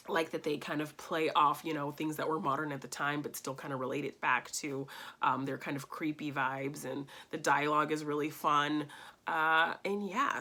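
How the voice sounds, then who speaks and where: A woman's voice: sits low, sharp tone. A woman giving a casual movie review, talking with gushing enthusiasm and telling stories.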